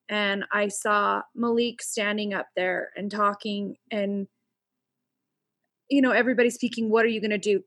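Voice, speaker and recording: A woman's voice: medium pitch, sharp tone, dry recording. Blunt fired-up woman on a talk panel, fighting back tears, dry mic. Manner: blunt, impassioned, close to tears. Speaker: guest. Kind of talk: emotional personal testimony.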